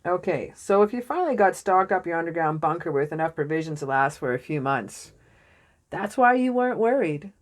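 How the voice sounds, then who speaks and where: An excitable young woman reads tarot cards in a loose, jokey way, swearing as she goes. Her voice sits a little low for a woman. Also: brisk. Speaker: tarot reader. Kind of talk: casual tarot reading to camera.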